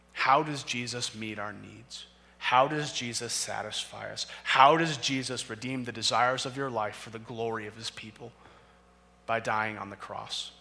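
Guy preaching a sermon, bright sharp voice, big reverby hall, reads scripture then gets fired up. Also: mid-range voice, steady tone, unhurried, creaky.

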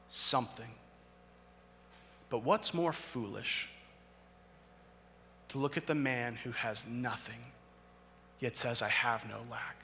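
A man's voice: mid-range voice, sharp tone, long reverb tail, slight background noise. A man preaching a sermon, reading scripture aloud and then building to impassioned emphasis.

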